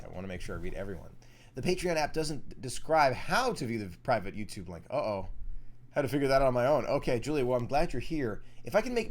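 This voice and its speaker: A young man hosting a casual live stream, reading viewer comments aloud and answering them in a chatty way. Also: lowish voice.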